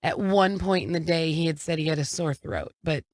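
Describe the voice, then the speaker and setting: Low-voiced woman telling a story. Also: fairly quick, dry recording, studio quality. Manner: storytelling, frank, swears casually. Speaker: podcast co-host. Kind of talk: casual chat.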